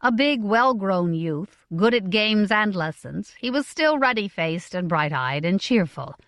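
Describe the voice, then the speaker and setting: A woman narrating a fantasy novel as an audiobook, in a smooth, expressive storytelling manner. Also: medium pitch, measured pace, dry recording, studio quality.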